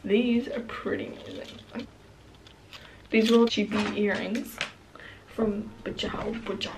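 A woman's voice: medium pitch, steady tone, unhurried, recorded from a distance, background noise. A woman talking through a shopping haul in a chatty, gushing way. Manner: chatty and gushing about her buys. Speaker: vlogger. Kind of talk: casual haul vlog. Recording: roomy and off-mic with loud music behind.

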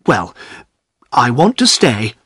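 A man voicing an earnest young gentleman who pleads and turns bitter, in a storybook reading. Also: medium pitch, wildly swooping pitch, slow, slightly rough, no echo, studio quality, full character voice. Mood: disappointed.

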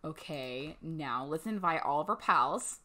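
Brief: young adult woman, gaming host, playful chatty commentary, slightly low pitch. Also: expressive, measured pace, sharp tone. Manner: chatty, playful, voices her characters' thoughts. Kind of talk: casual let's-play commentary.

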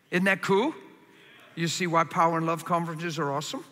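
A man preaching a sermon to a crowd in a large hall, passionate, acting out complaining voices in a higher tone. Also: fairly even intonation, a little fast, a bit bright.

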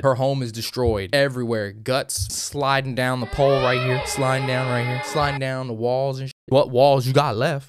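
A man giving casual, excitable reaction commentary on an anime episode, joking with slang and profanity. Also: medium pitch.

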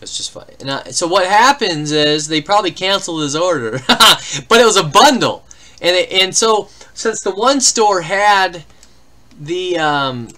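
A man's voice: sits high, lively intonation, measured pace, pushed and bright. A man hosting a live card-break stream, chatting casually in rambling anecdotes and reading out lists of names and teams. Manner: rambling anecdotes, then listing name-team pairs.

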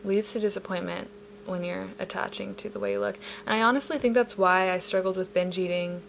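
A young adult woman chatting casually to camera as a vlogger, bubbly and gushing at times, then drifting into soft, reflective musing. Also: mid-range voice, steady tone, fairly quick, vocal fry, a little hiss or hum, rough recording. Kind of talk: casual vlog chat.

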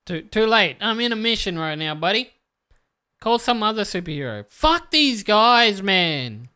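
A let's-play commentator who swears often and talks straight to the viewers, muttering to themself and then bursting out excitedly. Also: medium pitch, moderate pace, smooth. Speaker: gameplay commentator.

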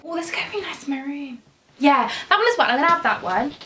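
A woman's voice: sits high, very animated, quick pace, pushed and bright, far from the mic, slight background noise, full character voice. A woman playing an indecisive female shopper at a till, rambling and second-guessing herself. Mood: dithering. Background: background music.

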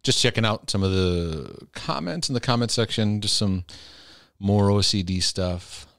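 A man with a gravelly voice on the low side speaks a little slowly as he hosts a casual faith-based advice talk. Answering viewer questions conversationally, he gets loud and emphatic, then drops soft. It's studio quality, with no echo.

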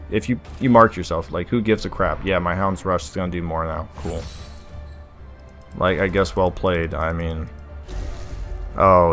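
Low-voiced streamer guy venting about a match, real frustrated, faint game music behind. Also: fairly bright tone. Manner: exasperated, venting, swaps swears for mild oaths. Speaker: gaming streamer. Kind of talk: live gameplay commentary.

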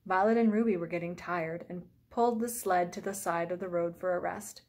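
A woman teacher reading a children's storybook aloud, in a clear, gentle storytelling way. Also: on the low side, steady tone, a little fast.

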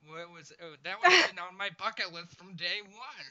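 A man's voice: sits high, sing-song, moderate pace, sharp tone. A man chatting in a casual interview, joking crudely, swearing a lot and laughing often. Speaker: YouTuber being interviewed. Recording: dull lo-fi sound.

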